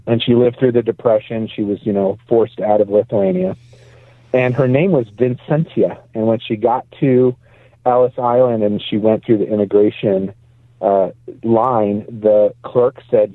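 A man's voice: lowish voice, steady tone, unhurried, no echo. Man telling stories over a phone line. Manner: chatty, anecdotal, laughs easily. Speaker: guest pastor. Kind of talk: casual storytelling. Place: parked car. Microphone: phone call.

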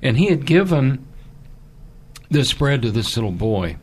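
A man telling an emotional story in halting bursts, then pleading urgently in a fundraising appeal. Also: mid-range voice, sing-song, darkish tone. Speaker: charity appeal guest.

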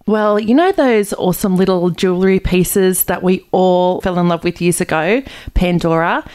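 A woman's voice: fairly low pitch, moderate pace, darkish tone, clean tone. A woman hosting a podcast interview, bubbly and effusive in her praise of her guest. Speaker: podcast host.

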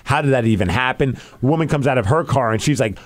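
A man co-hosting a podcast in casual chat, telling a story with lively acted-out quotes. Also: mid-range voice, fast. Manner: animated storytelling, acts out quotes. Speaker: podcast co-host.

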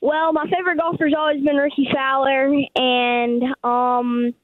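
A man's voice: very high voice, flat delivery, unhurried, no echo. A nine-year-old boy with a South Carolina accent, answering a radio host's questions politely and a little hesitantly, with many fillers. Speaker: guest golfer. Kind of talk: phone-in radio interview. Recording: tinny dry phone line.

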